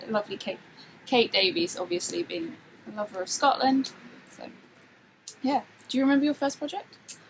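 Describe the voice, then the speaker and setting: A woman's voice: on the high side, moderate pace, noisy background. Chatty woman podcast host. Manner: chatty, laughs often, animated storytelling. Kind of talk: casual chat.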